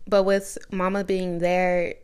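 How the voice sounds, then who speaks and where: A young adult woman hosting a podcast, asking gentle, hesitant questions in an interview. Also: lowish voice, flat delivery, slow, clean tone. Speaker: podcast host.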